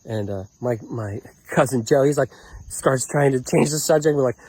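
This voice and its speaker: A man rambling through a personal story for his vlog, profane and full of fillers, acting out what people said and sometimes shouting. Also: medium pitch, moderate pace. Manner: animated, profane, many fillers and restarts; acts out quoted lines, sometimes shouting. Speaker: vlogger telling a personal story.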